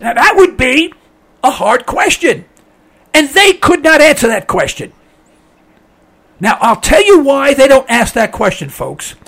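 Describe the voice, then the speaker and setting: A man hosting a call-in radio show, giving emphatic, opinionated commentary and addressing listeners as folks, his voice giving out as he clears his throat. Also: very high voice, very animated, a little slow, pauses often, a bit bright.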